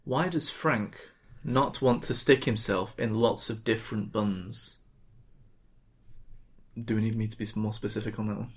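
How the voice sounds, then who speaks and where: A man hosting a casual podcast quiz, reading questions slowly and laughing often. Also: lowish voice, steady tone, husky. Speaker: quiz host.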